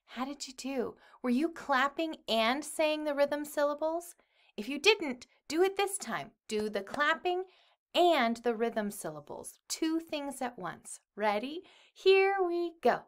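A woman's voice: sits high, big pitch swings, takes it slowly. A woman music teacher leading young children through a clapping lesson online, speaking the rhythm syllables and singing along with them. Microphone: computer mic at a desk.

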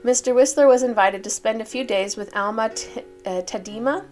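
A woman's voice: on the high side, fairly quick, a little mellow, soft background music. A woman reading old newspaper articles aloud and breaking off for chatty, think-aloud asides.

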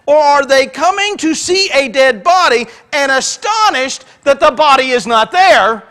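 A man's voice: extremely high pitch, lively intonation, a little slow, fairly bright tone. A man who is a pastor, preaching a sermon in a church. He retells scripture in everyday words and mixes in joking asides. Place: church sanctuary.

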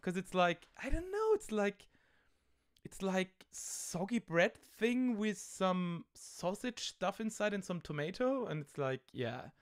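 A man's voice: high-pitched, very animated, slow pace, clean tone. A man with a German accent hosting a casual game commentary, rambling and amused, over an online call mic. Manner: rambling, amused, full of fillers. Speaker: host.

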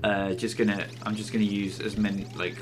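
A man's voice: fairly low pitch, little pitch movement, fairly quick, soft background music. A young man giving casual let's-play commentary, rambling and swearing freely. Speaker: gameplay commentator.

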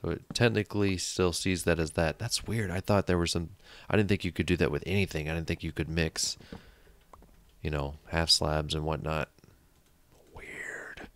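Gaming host, male, deep with a creaky edge, rambles and mutters to himself. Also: steady tone, moderate pace, fairly bright tone. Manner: chatty, thinks aloud, mutters counts under his breath. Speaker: let's play host. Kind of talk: casual gameplay commentary.

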